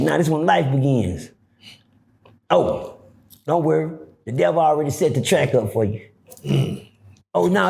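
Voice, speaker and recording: A middle-aged man telling prison stories in an animated way, acting out other people's voices and swearing freely. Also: creaky. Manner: acts out voices, swings pitch widely, swears freely. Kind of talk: animated storytelling.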